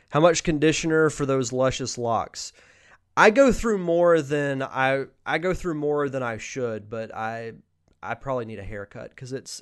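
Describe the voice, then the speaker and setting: A man's voice: mid-range voice, clean tone. A young man hosting a podcast, chatting casually through a live Q&A, reading viewer questions aloud and answering off the cuff. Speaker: podcast host.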